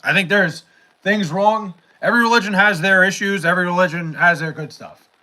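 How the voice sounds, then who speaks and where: A man's voice: sits high, a little fast, sharp tone. A young man hosting a casual livestream, reading chat and rambling with profanity, fillers and restarts.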